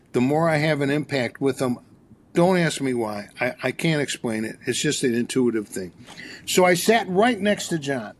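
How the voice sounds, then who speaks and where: Animated older man telling a story. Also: a little high. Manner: animated storyteller, acts out dialogue. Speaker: guest therapist. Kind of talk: storytelling in a podcast interview.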